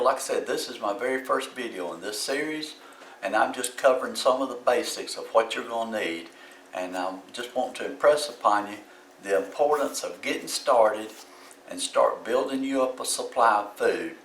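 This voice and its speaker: A man's voice: fairly low pitch, a bit bright, reverberant, recorded from a distance, a little hiss or hum, poor audio. A man with a Southern US accent giving plain, folksy advice as a video host, recorded in his home kitchen. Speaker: YouTube host. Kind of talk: casual how-to talk.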